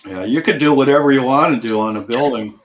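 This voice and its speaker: A man's voice: mid-range voice, fast talker. A man from Michigan's Upper Peninsula hosting a casual chat, telling easygoing stories with repeated phrases. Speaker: host. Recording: dull lo-fi audio.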